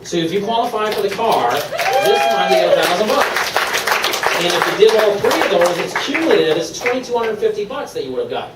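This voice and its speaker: A man from Maine giving an upbeat, persuasive sales pitch to a live room, laughing often. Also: big pitch swings, fairly quick, roomy sound, far from the mic, very noisy. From Maine, USA. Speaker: presenter at a sales meeting. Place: meeting room.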